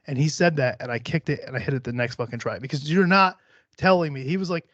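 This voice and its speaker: Brash, swearing podcast host. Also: male voice, mid-range voice, fast talker, a bit bright, dry recording, muffled recording. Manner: profane, boastful, hyper-competitive. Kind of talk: casual podcast chat.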